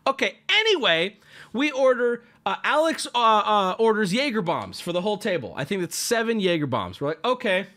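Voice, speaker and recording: A man in his thirties casually telling a story to his stream, swearing freely and acting out his friends' lines in a lower voice. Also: sing-song, moderate pace, bright, forceful tone.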